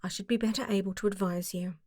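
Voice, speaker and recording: A woman reading the part of a self-assured male detective, brisk and dry. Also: mid-range voice, steady tone, a little mellow, no room sound, natural voice. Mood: dry, cool.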